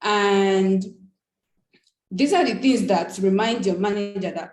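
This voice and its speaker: A woman's voice: medium pitch, measured pace, darkish tone. A woman speaking on a panel in a casual, conversational way, dropping frequent "like" and "yeah" fillers. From Nigeria. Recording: roomy echo.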